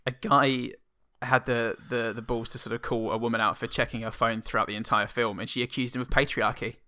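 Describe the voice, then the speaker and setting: A man's voice: medium pitch, level tone, fairly quick, sharp tone. A man co-hosting a podcast, joking about himself and tripping into restarts. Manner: self-deprecating, joking, stammers into restarts. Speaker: podcast co-host. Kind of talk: casual chat.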